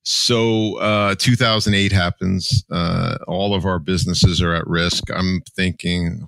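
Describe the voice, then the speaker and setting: A man's voice: sits low, fairly even intonation, a little slow, creaky, hardly any pauses, a bit bright, no echo. A man in his sixties from New Jersey, a podcast guest telling his life story candidly and with emotion. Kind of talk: personal storytelling.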